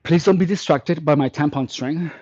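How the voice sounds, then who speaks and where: A man with a somewhat high voice leads a workout with tongue-in-cheek instruction, counting reps and praising himself in a mock-delicate way. The recording sounds dull and lo-fi. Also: normal speed, a little mellow, slightly rough. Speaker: fitness trainer.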